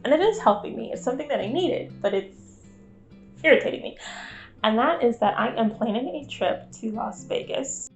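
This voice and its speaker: A woman's voice: on the high side, lively intonation, normal speed, dull audio. A woman in her twenties talking candidly to camera in a vlog, wry and self-deprecating. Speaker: vlogger. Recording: faint guitar music behind.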